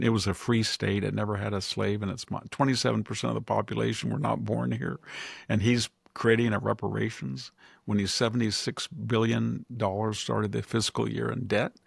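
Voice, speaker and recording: Gravelly sardonic man ranting. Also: lowish voice, little pitch movement, a little fast, no echo. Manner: rambling, sardonic, slips into mocking impressions. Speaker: podcast host. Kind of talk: political commentary chat.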